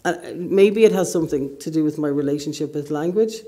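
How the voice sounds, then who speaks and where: A woman's voice: sits low, fairly quick, mellow. Woman, middle-aged, southern Irish accent, author, hesitant, self-deprecating, conversational. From Northern Ireland. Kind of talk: conversational interview at a book event.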